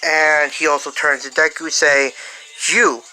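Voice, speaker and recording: A fan storyteller improvising a story out loud, halting with many fillers and restarts. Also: medium pitch, steady tone, rough recording. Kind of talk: improvised fan-fiction narration.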